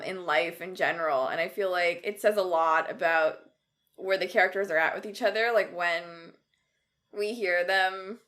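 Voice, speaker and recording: A woman's voice: mid-range voice, fairly bright tone. A woman co-hosting a podcast, enthusiastic and reflective, laughing often in casual fan chat. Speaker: podcast co-host.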